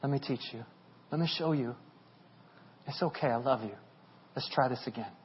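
A man voicing a gentle, patient, loving male teacher in a soft, tender tone during a sermon. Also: medium pitch, moderate pace, lo-fi sound, slight background noise, voice pushed down, lightly acted.

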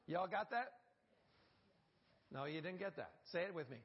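A man's voice: on the high side, lively intonation, normal speed, vocal fry, pauses often, muffled recording. A male pastor, delivering a sermon and drawing the congregation into call-and-response. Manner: call-and-response preaching, prompting the congregation to repeat.

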